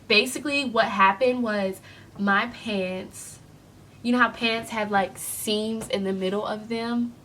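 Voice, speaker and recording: A young woman vlogger telling an embarrassing story, animated and acting out the other people in it. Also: mid-range voice, a little slow, a little hiss or hum. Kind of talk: storytime vlog.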